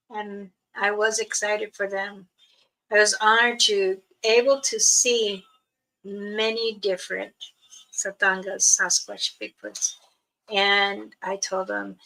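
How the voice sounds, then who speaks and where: An older woman, a spiritual elder, talking casually to her viewers in a slow, soft, halting way with many pauses. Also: mid-range voice, rough recording. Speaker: spiritual elder and channel host.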